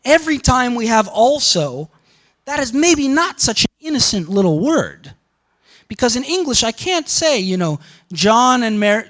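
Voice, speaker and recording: A man lecturing a class in an animated way, often quoting example sentences and breaking off mid-thought. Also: very high voice, moderate pace. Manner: animated, quotes example sentences, interrupts himself.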